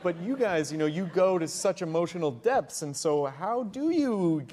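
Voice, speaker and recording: A man's voice: high-pitched, expressive, normal speed, darkish tone, slight background noise. A man hosting a talk show, chatting casually with a guest, bubbly and rambling. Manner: bubbly, rambling, laughing often. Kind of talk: casual interview chat.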